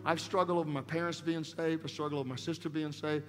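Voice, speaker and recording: A man with a fairly high voice preaches from a church platform, dropping low and quiet and then rising to loud, urgent calls. His voice rings with long hall reverb, and an instrument plays clearly underneath. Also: steady tone, fast, music in the background. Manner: swings from soft intimate speech to loud urging. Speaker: guest preacher. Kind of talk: sermon with altar call. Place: church sanctuary.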